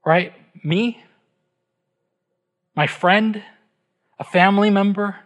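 A man's voice: high voice, slow pace, fairly bright tone. A middle-aged man preaching a sermon as pastor, emphatic, asking his listeners rhetorical questions and checking in with "right?".

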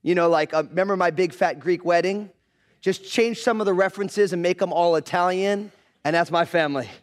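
Guest pastor, man in his 30s, East Coast-raised, high voice, playful storyteller. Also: brisk. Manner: joking, animated storytelling. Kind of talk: sermon.

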